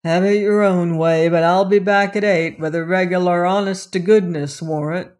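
A reader voicing a gruff plainclothes policeman who speaks bluntly in street slang. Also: mid-range voice, steady tone, normal speed, darkish tone, close to an everyday voice. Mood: blunt, offhand.

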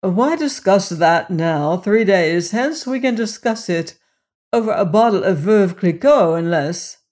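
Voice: medium pitch, animated, a little mellow, lightly acted. A reader putting on a suave, menacing Cossack general. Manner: courtly, unhurried, drawn-out phrasing. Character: suave menacing aristocratic Cossack general, middle-aged man. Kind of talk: audiobook character reading.

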